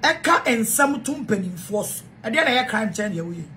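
A Ghanaian woman with a Ghanaian accent fires off a heated, repetitive rant, jumping between English and Twi. Her voice sits on the high side. A faint hiss of noise runs under the recording. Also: animated, moderate pace, bright, forceful tone. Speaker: self-styled preacher. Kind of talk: angry rant to camera.

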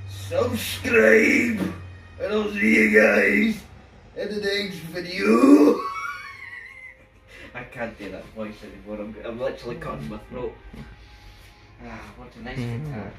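A Scottish man chatting casually and jokily about a skit he is filming. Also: medium pitch. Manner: jokey, rambling. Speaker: actor in a skit. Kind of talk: casual behind-the-scenes chat. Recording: roomy, distant mic, music behind.

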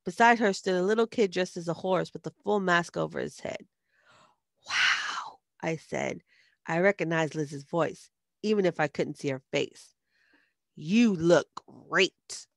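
Low, gravelly woman narrating. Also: moderate pace, no room sound, clean studio sound. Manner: steady storytelling. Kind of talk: first-person audiobook narration.

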